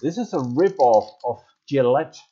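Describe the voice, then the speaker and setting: A man's voice: mid-range voice, animated, a little slow, warm tone, husky, highs cut off. Chatty man on a live stream. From Denmark. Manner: rambling, chatty, reads and greets viewers' comments. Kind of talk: casual live stream chat. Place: home, near a basement workshop.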